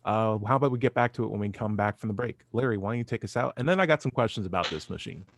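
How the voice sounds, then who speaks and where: A man's voice: on the low side, very fast, vocal fry, a little hiss or hum. A man hosting a radio talk show, chatting loosely, joking, and steering the program toward breaks. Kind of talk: casual chat. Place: radio studio.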